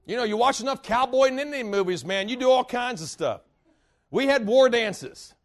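High-voiced preacher telling folksy stories. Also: male voice, normal speed. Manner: folksy, animated storytelling with laughter. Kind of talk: sermon with personal stories.

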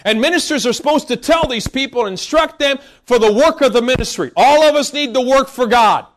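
Male preacher, very high voice, emphatic, scolding sermon, bursts into shouts. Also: expressive, fairly quick, slight background noise.

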